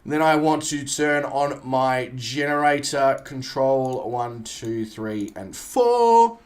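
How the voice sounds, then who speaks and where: A man's voice: mid-range voice, lively intonation, takes it slowly. An Australian man chatting casually on a live stream, greeting viewers by name and swearing lightly as he sets up a flight sim.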